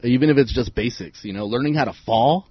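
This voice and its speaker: A man's voice: medium pitch, fast talker. A man from Southern California telling a rowdy story in a casual chat, swearing freely and acting out the voices of people in it. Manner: animated, swears a lot, acts out voices in his stories. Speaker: guest. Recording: dull, dry, slightly husky podcast audio.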